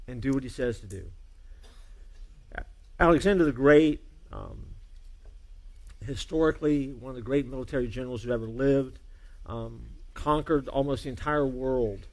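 A male pastor with a medium-pitched voice preaches earnestly to his congregation. At times he urges loudly, then drops to a hushed emphasis.

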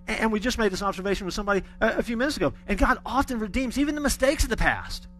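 Folksy pastor, higher-pitched man. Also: lively intonation, very fast, a bit bright. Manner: folksy storytelling with humor. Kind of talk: sermon.

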